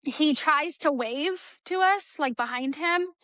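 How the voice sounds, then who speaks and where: Woman from Texas, high voice, bright tone, dry close sound, emotional storytelling, acts out dialogue. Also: slow, no room sound. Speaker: interview guest. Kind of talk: emotional personal account.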